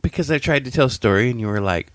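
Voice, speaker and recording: A man's voice: medium pitch, lively intonation, racing, no room sound. A man co-hosting a podcast, joking around and swearing in casual chat. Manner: joking, profane banter. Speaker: podcast co-host.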